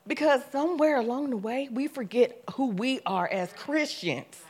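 A young adult woman giving a church testimony, telling her story with animation, acting out her own past words and rising to loud, emphatic preaching. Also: a little high, moderate pace, hardly any pauses, breathy edge.

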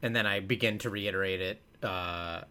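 A man's voice: deep voice, steady tone, moderate pace, sharp tone, clear, resonant tone. An American man co-hosting a podcast, rambling casually, stumbling over his words and trying out silly accents. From United States. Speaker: podcast co-host. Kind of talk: casual chat.

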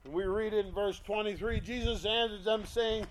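A man preaching a sermon, reading scripture emphatically and swinging between hushed, quiet lines and loud, stirring ones. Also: high-pitched, fairly even intonation, a little hiss or hum. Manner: slow, deliberate delivery with emphatic scripture reading.

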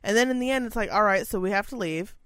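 A young woman telling a story in casual chat, swearing a lot, exasperated and animated, acting out what people said. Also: mid-range voice, fast, dry recording, studio quality. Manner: swears heavily, animated and exasperated, acts out quotes.

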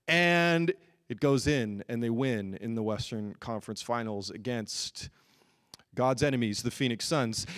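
A man preaching a sermon, telling stories animatedly, with frequent restarts and sudden bursts of shouting. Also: a little high. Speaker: pastor.

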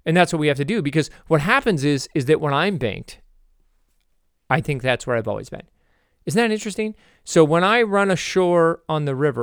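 A man's voice: a little high, vocal fry, clean tone, no echo, studio quality. A man hosting a motivational podcast monologue, rambling, correcting himself and cracking jokey asides. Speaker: podcast host.

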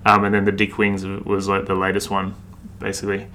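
An Australian man in his thirties talks through an interview in a relaxed, rambling way, swearing freely. His voice sits on the low side with a bright, forceful edge. The chat is loose and unhurried. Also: a little hiss or hum. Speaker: street artist, interview guest.

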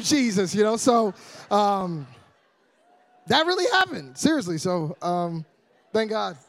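A young man preaching a sermon as a guest evangelist, joking with the congregation and building up to loud, energetic preaching. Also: high voice, normal speed, gravelly.

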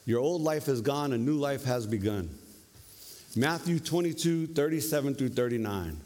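A male preacher giving a lively, conversational sermon, often tagging his points with questions. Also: mid-range voice, moderate pace. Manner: conversational, animated, tag questions. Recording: long reverb of a hall.

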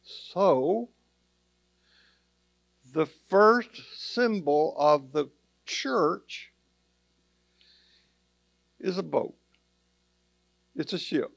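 A man's voice: fairly high pitch, expressive, drawn-out words, gravelly, pauses often, dry recording. A man preaching a sermon in a conversational way, with plain asides to the congregation. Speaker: pastor.

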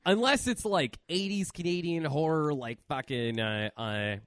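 A man hosting a casual horror movie podcast, talking in a profane, animated rant. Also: on the high side, unhurried, no echo. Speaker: podcast host.

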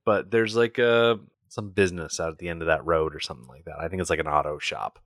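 Man, lowish voice, casual podcast chat, dry close sound. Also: fast talker, a bit bright, no echo. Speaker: podcast co-host. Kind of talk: casual movie discussion chat.

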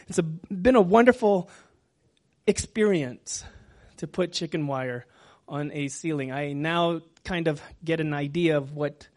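A man preaching a sermon as pastor, talking gently and sometimes dropping to a whisper. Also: on the high side. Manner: slow, gentle, drops to a whisper at times.

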